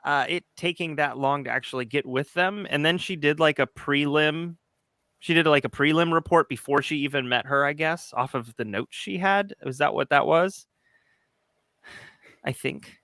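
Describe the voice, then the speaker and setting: A man's voice: fairly high pitch, moderate pace, bright, forceful tone, no echo, studio quality. A man co-hosting a casual true-crime chat, rambling and hesitant at times. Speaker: co-host.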